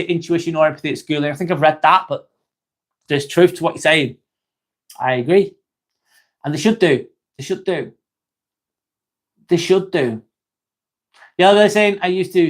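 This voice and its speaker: Young guy chatting on his livestream, keeps saying mate, swears a bit, slightly high voice. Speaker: livestream host reading chat. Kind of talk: casual live chat.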